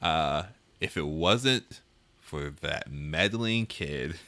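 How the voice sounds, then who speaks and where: A man co-hosting a casual movie chat in a low, bright, forceful voice. He sounds jokey and enthusiastic. The sound is dry and close. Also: expressive, very slow, no echo. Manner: jokey and enthusiastic, laughs between remarks. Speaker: podcast co-host.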